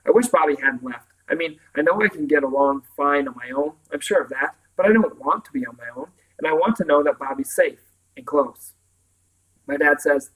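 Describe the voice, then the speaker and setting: A man reading a novel aloud in the first person, telling the story in a calm, even way. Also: a little high, fairly quick, low-quality recording. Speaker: audiobook reader. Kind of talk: first-person audiobook narration.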